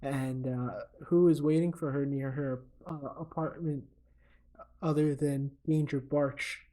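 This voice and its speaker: A man's voice: on the high side, fairly even intonation, unhurried, dark tone. A man co-hosting a comedy podcast, recapping a movie in a rambling, casual way with lots of fillers. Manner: rambling, filler-heavy storytelling. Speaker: podcast co-host.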